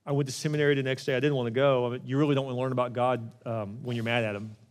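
A middle-aged man delivers a sermon from the pulpit as the pastor, speaking with earnest conviction. His voice sits at an ordinary middle pitch, and he moves between energetic, raised passages and soft, hushed moments. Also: rapid-fire. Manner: earnest storytelling, swings from loud to hushed.

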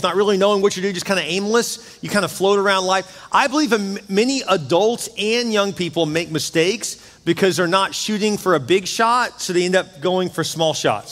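A man's voice: high voice, lively intonation, brisk, hardly any pauses, fairly bright tone. A middle-aged male pastor preaching a sermon in a church, talking conversationally and with energy, often turning to ask the congregation questions. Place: church sanctuary. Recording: long hall reverb.

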